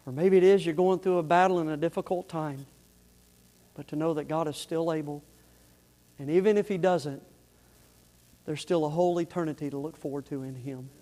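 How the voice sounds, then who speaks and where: A man preaches in a church sanctuary, his words trailing into a long reverb. He tells his story animatedly, at times close to shouting, then turns quiet and earnest when he speaks to the congregation. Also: fairly high pitch, fairly quick, pauses often. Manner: animated, rising to near-shouting in the story, dropping soft and earnest for the appeal. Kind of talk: sermon with storytelling.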